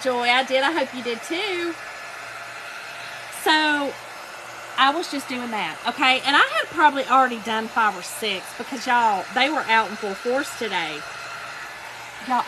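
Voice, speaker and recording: A woman with a high-sitting voice hosts a casual craft livestream, chatting while she paints. She tells a story and greets viewers by name, with noise audible in the background.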